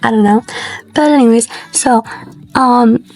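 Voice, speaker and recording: High-pitched girl chatting thru a tutorial voice-over, rambly, keeps saying sorry, cheap mic. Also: a little slow, a little mellow, faint music behind, low-quality recording. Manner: chatty, rambling, apologetic asides. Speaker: tutorial creator. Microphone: basic mic, not a proper one.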